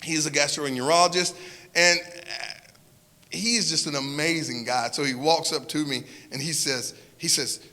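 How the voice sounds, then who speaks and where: A man with a Southern US accent telling a personal story to an audience in an earnest way, often repeating and restarting phrases, moving between hushed and loud. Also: on the high side, fairly even intonation, normal speed, big-room sound. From Southern United States.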